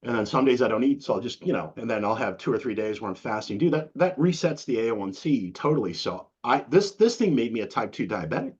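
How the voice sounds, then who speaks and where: Man, middle-aged, husky voice, casual rambling interview talk, profane, dull lo-fi sound. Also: mid-range voice, sing-song, fast talker, hardly any pauses. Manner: rambling, profane, says "dude" a lot. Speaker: interview guest. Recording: dull lo-fi recording.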